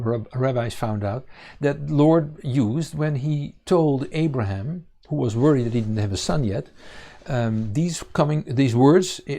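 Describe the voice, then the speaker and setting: A man teaching a congregation on scripture, pausing often with fillers and restarting his sentences. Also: mid-range voice, mellow. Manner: halting, many fillers and restarts. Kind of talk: bible teaching.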